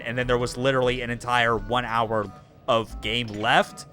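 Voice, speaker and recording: Young man, streamer, bright forceful voice, faint music behind. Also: mid-range voice, flat delivery, moderate pace. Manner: laughs often, swears freely. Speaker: streamer host. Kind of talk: casual stream chat.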